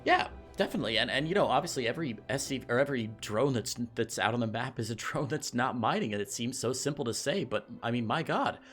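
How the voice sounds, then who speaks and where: A young man commenting on a video game match with an animated voice that leaps up and down. He is excitable and quick to laugh, and his voice sits in a middle range. Faint music plays under him. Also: mid-range voice. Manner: lively, excitable, laughs often. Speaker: esports caster.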